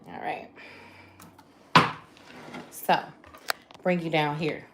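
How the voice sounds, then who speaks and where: A woman's voice: sits low, steady tone, extremely slow, very noisy. Chatty woman cooking live in an echoey kitchen. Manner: chatty, greets viewers by name, talks through each step. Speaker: livestream cooking host. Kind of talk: casual cook-along live chat. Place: home kitchen. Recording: roomy kitchen echo. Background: clatter of dishes and pans.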